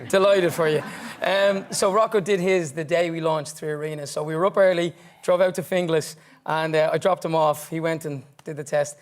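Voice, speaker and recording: A man's voice: a little high, fairly even intonation, moderate pace, few pauses. A middle-aged Irish man, a band member on a talk show, telling stories chattily and laughing easily. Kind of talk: anecdotal talk show chat.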